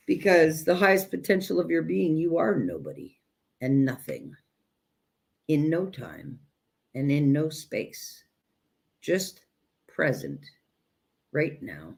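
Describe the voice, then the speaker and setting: A woman teaching self-growth in a direct spiritual talk, speaking emphatically and deliberately and addressing listeners as "you guys". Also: low-pitched, gravelly, a little mellow.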